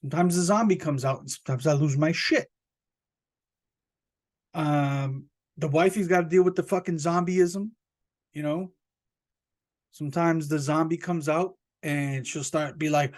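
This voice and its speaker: A man hosting a podcast, talking in a rambling, profane, joking monologue that jumps up high when he plays indignant. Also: steady tone, measured pace, pauses often, a little mellow. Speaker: podcast host. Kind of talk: casual comic podcast monologue.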